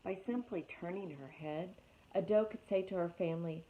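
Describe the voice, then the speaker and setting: A woman's voice: lowish voice, moderate pace. Woman reading a storybook over tinny audio. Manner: expressive, addresses the young listeners. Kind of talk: storybook read-aloud.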